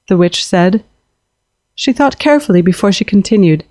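A woman's voice: mid-range voice, moderate pace, mellow, no echo. Woman reading fantasy fiction, dry and close. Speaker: narrator. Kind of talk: scripted narration of fantasy fiction.

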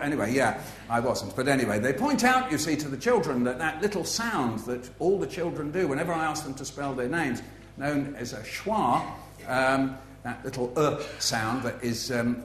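A man's voice: medium pitch, a bit bright, reverberant. A man giving a humorous author talk to a live audience, playful and facetious, full of asides. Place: festival venue with an audience.

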